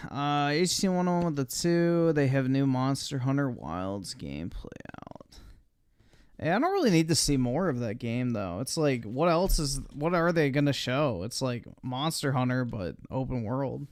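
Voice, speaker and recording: A man's voice: medium pitch, sing-song, normal speed, no echo. A man hosting a livestream, reacting to chat in a crude, offhand way. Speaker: livestream host. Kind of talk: casual streamer commentary.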